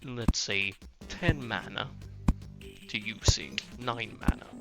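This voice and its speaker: Male gaming host, slow, animated delivery, casual explainer with fillers. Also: lowish voice. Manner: rambling, explains step by step with fillers. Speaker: gaming YouTuber. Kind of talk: casual gameplay commentary. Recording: loud background game music.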